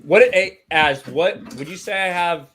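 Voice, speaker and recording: A man's voice: high voice, unhurried, fairly bright tone, slightly rough. A man from Indiana with a Midwestern American accent, swearing freely in blunt casual chat on a livestream. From Indiana, USA. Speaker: livestream guest.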